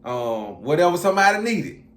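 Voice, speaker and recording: A man recounting his time in prison in a relaxed, rambling, slang-heavy way, as the guest of an interview. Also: fairly high pitch, normal speed. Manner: laid-back, rambling, slangy storyteller. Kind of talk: casual storytelling interview. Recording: echoey room with faint ambient noise.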